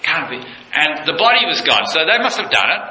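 A male preacher giving a sermon, retelling a scene with passion, dropping low and quiet and then leaping high with excitement. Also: brisk. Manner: impassioned, leaps from low intimacy to high excited pitch. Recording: echoey room with faint noise.

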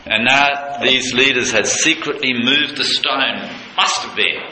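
A male preacher giving a sermon, retelling a scene with passion, dropping low and quiet and then leaping high with excitement. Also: unhurried. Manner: impassioned, leaps from low intimacy to high excited pitch. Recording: echoey room with faint noise.

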